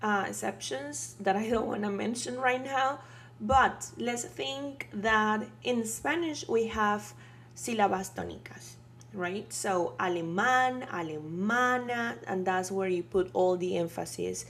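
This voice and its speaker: A woman teaching a beginner language lesson, patient and explanatory, checking in with "right?" and pausing on fillers. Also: mid-range voice, fairly even intonation, a little hiss or hum. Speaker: Spanish teacher.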